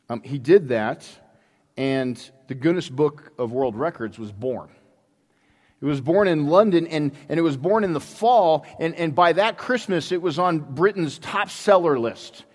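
A man preaching a sermon in a church, telling a story with many halting restarts. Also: fairly high pitch. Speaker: pastor. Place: church sanctuary. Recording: long hall reverb.

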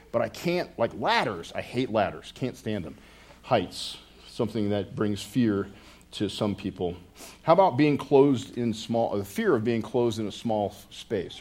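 Middle-aged pastor, casual and conversational, mid-pitched voice, self-interrupting, quick with a joke for the pews. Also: male voice, darkish tone. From United States. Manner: rambling, self-interrupting, with joking asides to the congregation.

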